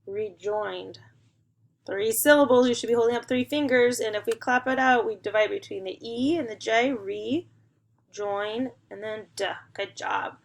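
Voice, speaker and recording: A young woman teaching a phonics lesson to young students, slowly sounding out and blending words and praising them. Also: fairly high pitch, vocal fry, a little hiss or hum. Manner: slow, encouraging, sounding out words.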